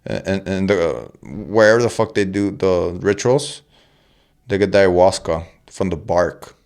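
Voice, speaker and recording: A man's voice: low-pitched, a little slow, creaky, a little mellow, clean tone. A young man hosting a casual podcast chat, rambling and joking with plenty of swearing and restarts. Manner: rambling, profane, jokey, with restarts. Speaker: podcast host.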